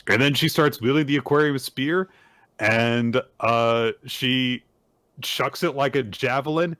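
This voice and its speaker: A man's voice: mid-range voice, a little slow, a bit bright, no room sound. A man hosting a casual podcast, recapping manga chapters at length and acting out the characters' lines. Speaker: podcast host.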